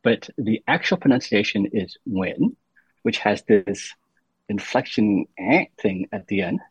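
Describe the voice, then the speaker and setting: Raspy low-voiced man, lo-fi. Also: a little slow, dry recording. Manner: patient explainer, many restarts. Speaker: podcast guest, university senior fellow. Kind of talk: casual interview talk. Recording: dull lo-fi recording.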